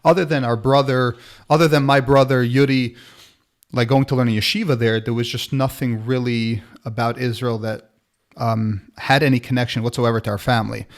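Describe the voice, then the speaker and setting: Casting note: male podcast host in his thirties, mid-pitched, loose and conversational. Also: steady tone, a little fast. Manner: conversational, frequent restarts and fillers. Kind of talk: casual conversational interview.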